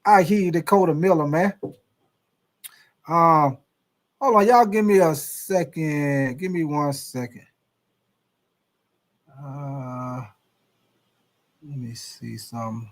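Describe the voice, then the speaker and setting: A man's voice: on the high side, slow, long pauses. A man hosting a casual sports live stream, reading viewer comments in a laid-back drawl and calling them y'all. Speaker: sports livestream host.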